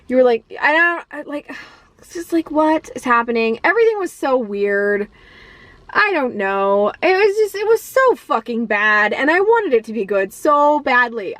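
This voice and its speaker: High-voiced woman ranting about a movie. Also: no room sound. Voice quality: profane, exasperated, laughs often. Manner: rambling with many fillers and restarts. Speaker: movie reviewer. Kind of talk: casual ranting movie review.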